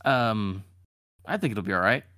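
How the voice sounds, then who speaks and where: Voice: medium pitch, normal speed, sharp tone, dry recording. Laid-back dry-humored tabletop player. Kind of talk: casual tabletop game chat.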